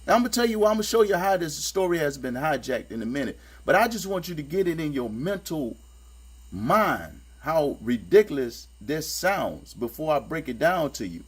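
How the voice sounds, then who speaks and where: A husky male voice with a sing-song lilt moves at a moderate pace through a reading of scripture, mixed with casual critique. He's sarcastic, streetwise and emphatic, repeating what he says, and the clip carries a low electrical hum.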